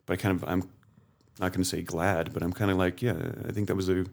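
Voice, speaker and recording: Low-voiced male guest, halting restarts, eager about art. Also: little pitch movement, vocal fry, a little mellow. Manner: halting, many restarts, enthusiastic. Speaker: podcast guest, artist. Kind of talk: casual conversation.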